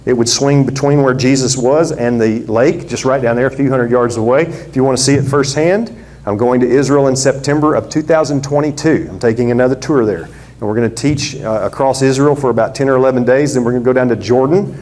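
A man preaching a sermon, telling the story with lively drama and acting out the characters in different voices. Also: mid-range voice, fairly quick.

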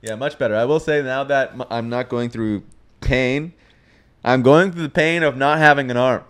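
A man's voice: mid-range voice, normal speed, fairly bright tone, clear, resonant tone. A man co-hosting a casual podcast, joking around with crude humor and laughing often. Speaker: podcast co-host, esports caster. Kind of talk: casual chat.

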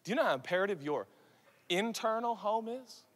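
A man in his thirties preaching to a youth conference, swinging from shouts to quiet asides. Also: high-pitched, brisk. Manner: animated, shifts from loud shouts to soft asides, acts out quoted voices. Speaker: pastor. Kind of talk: sermon. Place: large conference hall. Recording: long hall reverb.

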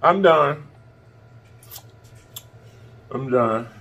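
A man's voice: very slow, gravelly, fairly bright tone, husky, dull audio. A man hosting an eating show, signing off to his viewers in a casual, effusive and affectionate way, blowing kisses and teasing them. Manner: playful and teasing, swinging up high. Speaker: mukbang host.

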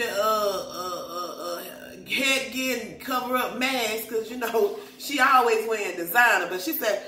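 A woman recapping a reality show in an animated, slangy, gossipy way. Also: medium pitch, normal speed, a little hiss or hum. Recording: echoey room.

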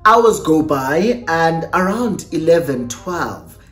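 A young South African YouTuber tells a personal storytime tale, switching between English and Xhosa mid-sentence with lively energy. Her middling-pitched voice takes it slowly, and the roomy echo carries faint music underneath.

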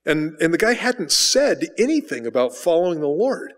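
A man's voice: a little high, sing-song, normal speed, long reverb tail. A male pastor giving a conversational sermon, asking rhetorical questions and repeating words as he rephrases, recorded in a church sanctuary. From United States.

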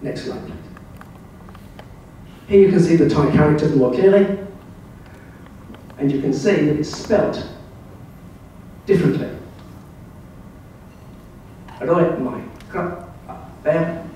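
An older man from England giving a slide presentation at a club, telling wry, anecdotal stories in a relaxed way. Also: on the high side, takes it slowly, pauses often, recorded from a distance, slight background noise. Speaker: club speaker. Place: club meeting room. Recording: very echoey room, voice heard from afar.

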